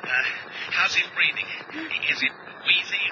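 An actor playing a steady man who gives urgent, measured orders, in old radio drama style. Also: sits high. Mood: commanding. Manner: firm, commanding, measured. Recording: dull old recording with loud hiss.

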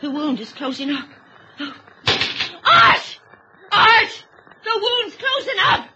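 A woman's voice: sits high, big pitch swings, slow pace, full character voice. A woman playing a frantic, stammering young wife. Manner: panicky, pleading, stammering. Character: frantic young wife talked through emergency surgery. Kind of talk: old radio drama acting. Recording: dull, hissy old recording.

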